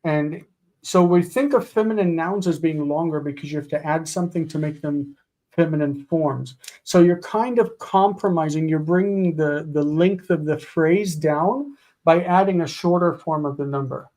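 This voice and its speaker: A man teaching a live online grammar lesson, explaining patiently and slowing down to spell out forms. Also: a little high, darkish tone.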